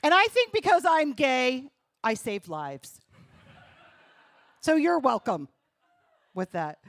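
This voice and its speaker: A woman's voice: sits high, huge pitch swings, takes it slowly, a bit bright, no echo. A woman from New doing stand-up comedy on a comedy club stage, punchy and self-deprecating, talking straight to the crowd. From New Jersey.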